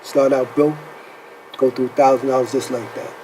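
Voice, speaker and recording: A man's voice: mid-range voice, little pitch movement, normal speed, warm tone, a little hiss or hum, rough recording. A man hosting a faith-based counseling talk show, asking rhetorical questions and checking in with "right?" as he speaks. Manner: preacherly, rhetorical questions, says "right?" often.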